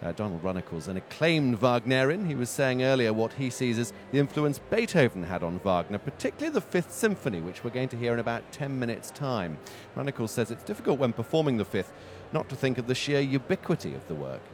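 A man presenting a live concert broadcast on radio, announcing in a smooth manner. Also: medium pitch, big pitch swings, brisk, slight background noise.

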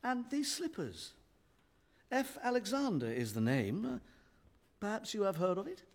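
A man's voice: huge pitch swings, a little slow, full character voice. An actor playing an older, earnest male writer who speaks preachily to a stranger in a radio drama. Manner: earnest, preachy, swinging in pitch.

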